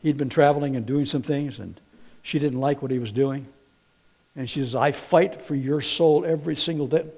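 A middle-aged man preaching a sermon in an animated way, swinging from quiet to loud, telling stories with folksy, playful asides. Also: medium pitch, normal speed, slightly rough. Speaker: pastor.

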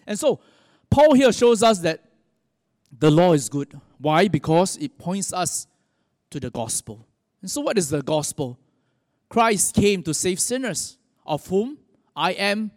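Male pastor, high voice, sermon in a big reverberant hall, chatty, quizzes the crowd. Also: darkish tone, clean studio sound. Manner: conversational, asks the audience questions.

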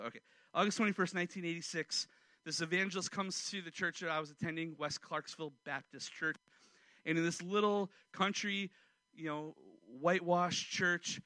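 A man in his forties, a pastor, preaching a sermon and telling a personal story, swinging from loud outbursts to hushed, quiet passages. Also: fairly high pitch, no echo.

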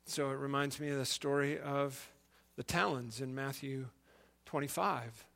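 A man's voice: mid-range voice, fairly even intonation, a little slow, gravelly, a bit bright. A male preacher giving a sermon, retelling a story and asking the listeners questions.

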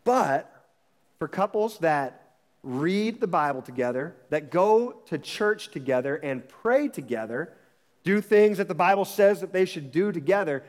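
A man's voice: a little high, big-room sound. A man preaching a sermon as pastor, emphatic and repeating his phrases with frequent restarts.

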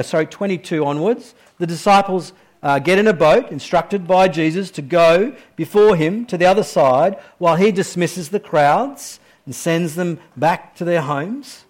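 A man with a somewhat high-pitched voice preaches a sermon. He lifts his voice with urgent questions, then drops to a quiet, slowed delivery, repeating key phrases for weight. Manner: preaching that swings from raised, urgent questions down to hushed, slow emphasis.

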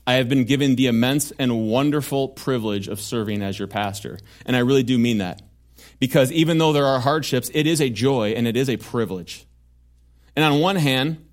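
A male pastor delivering a sermon to his church in an earnest, conversational way, with frequent asides to the congregation. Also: medium pitch.

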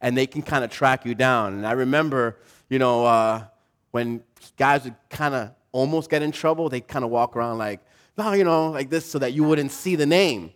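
A man's voice: medium pitch, normal speed. A man preaching a sermon, telling a story and acting out the voices in it, asking his listeners questions. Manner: animated, acts out quoted voices, asks the audience questions. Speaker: pastor.

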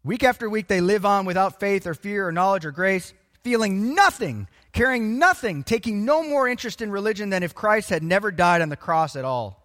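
High, animated male preacher in a hall. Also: a little fast, few pauses. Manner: animated and emphatic, acts out voices of people. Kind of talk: sermon.

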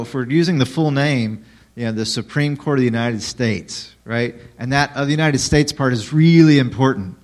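A man preaching a sermon in a conversational way, asking the listeners questions. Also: fairly high pitch. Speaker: pastor.

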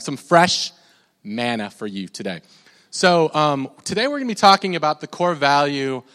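A man preaching a sermon in a church, animated and leading the congregation in call-and-response. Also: mid-range voice. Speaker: pastor. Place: church sanctuary. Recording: long hall reverb.

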